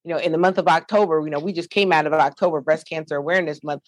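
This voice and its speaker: A middle-aged woman, the founder of a nonprofit, tells her own story to a panel in an animated, preacherly way. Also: sits low, rapid-fire, dry recording. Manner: animated, lively storyteller, preacherly call-and-response.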